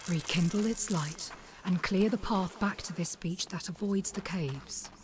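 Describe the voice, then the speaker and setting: A woman's voice: lowish voice, measured pace, a little mellow, slight background noise, natural voice. An actress playing a solemn female guide who gives the player commands. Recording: game audio with clear music behind.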